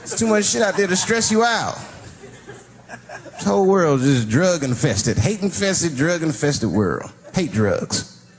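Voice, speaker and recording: A man performing stand-up comedy, telling stories in a wry way and swinging between loud and low delivery. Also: big pitch swings, measured pace, background noise. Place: theater stage with audience. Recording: live stage mic with crowd laughter.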